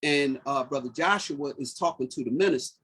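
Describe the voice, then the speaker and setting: A man's voice: medium pitch, fairly quick, fairly bright tone, a little hiss or hum. A middle-aged man telling his personal story as a podcast guest, earnest and moved, repeating phrases as he recalls what people said.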